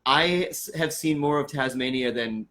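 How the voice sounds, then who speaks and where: A man's voice: medium pitch, normal speed, bright, forceful tone. A man who is a guest in a casual chat, easygoing and enthusiastic.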